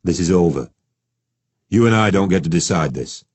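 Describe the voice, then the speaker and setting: A man's voice: low-pitched, expressive, moderate pace, darkish tone. A man voicing an anxious, devoted young soldier in an audiobook, desperate and unsure.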